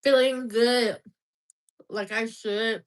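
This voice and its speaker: A woman's voice: a little high, steady tone, slow. A woman in her twenties chatting casually and rambling on a livestream, laughing often. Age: 20s.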